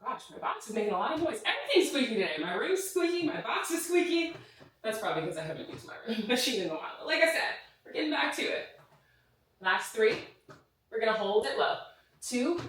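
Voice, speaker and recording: A fast-talking woman with a high, fairly bright voice and big pitch swings leads a follow-along Pilates class while winded, encouraging everyone and counting reps. There's slight background noise, and the distant mic in the reformer studio captures a roomy echo.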